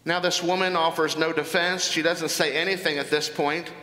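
A man preaching in a church, slowing down to stress key words as he walks through a Bible passage. His voice is high and bright, and it rings out into a large hall with a long, echoing reverb. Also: steady tone. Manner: deliberate, emphatic Bible exposition. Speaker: pastor. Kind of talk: sermon.

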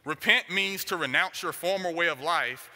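A man's voice: fairly high pitch, normal speed, bright, forceful tone. A man preaching a sermon, driving his points home with short, repeated declarations. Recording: long hall reverb.

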